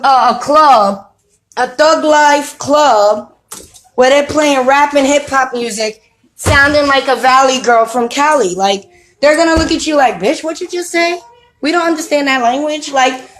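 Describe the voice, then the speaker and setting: This high-voiced woman vlogs about spirituality from home, kids in the background, mixing preachiness with street slang. "You know what I mean?" comes up again and again, and the recording quality is low.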